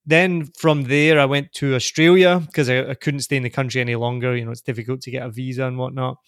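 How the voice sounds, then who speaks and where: A man from Glasgow with a soft Scottish accent, talking as a guest on a podcast. He is upbeat and easygoing, laughs easily and stumbles over the starts of his sentences. He sounds dry and close to the mic, with a middle pitch. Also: steady tone, fast talker, clear, resonant tone, no echo. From Scotland. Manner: chatty and upbeat, laughs often, repeats words when starting sentences. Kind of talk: casual interview chat.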